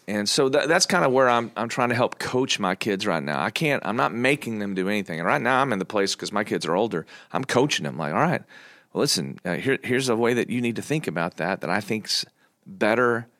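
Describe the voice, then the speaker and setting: A man's voice: fairly low pitch, lively intonation, brisk, a bit bright, no room sound, studio quality. A middle-aged man in casual podcast conversation, talking in an earnest, coaching way with a few jokes. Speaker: church pastor, podcast guest.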